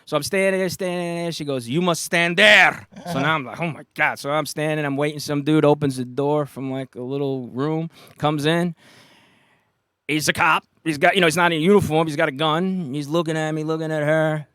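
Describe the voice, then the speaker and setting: A middle-aged man with a New York accent, casually telling an animated anecdote and acting out the voices of the people in it. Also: a little high, a little fast, clear, resonant tone, no echo. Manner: animated anecdotes, acts out quoted voices, laughs often. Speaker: guest, retired police officer. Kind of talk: casual storytelling.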